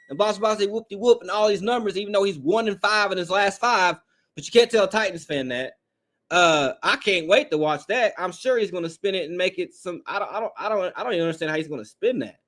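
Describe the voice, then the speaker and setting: A man's voice: sits high, a bit bright. A man hosting a live fan call-in show, talking bluntly and profanely while reading chat comments. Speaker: podcast host.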